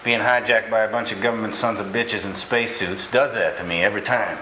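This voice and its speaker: A man playing an angry, defiant man held in quarantine, talking gruffly and sarcastically in a film drama. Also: lowish voice, steady tone, brisk, pushed and bright, roomy sound, slight background noise, rough recording. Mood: sarcastic. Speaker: quarantined man confronting officials.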